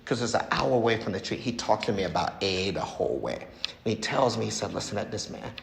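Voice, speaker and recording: Male speaker sharing his recovery story, acting out quoted voices, gravelly, recorded in an echoey meeting room. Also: medium pitch, fairly bright tone. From United States. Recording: echoey room, faint noise.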